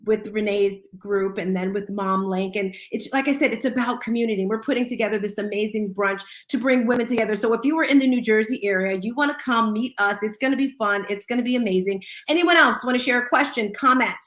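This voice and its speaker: A woman's voice: on the high side, fast, few pauses, fairly bright tone. Earnest woman hosting an echoey chat room. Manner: earnest, storytelling, invites listeners to speak. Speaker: host of an audio chat room. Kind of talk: casual motivational talk.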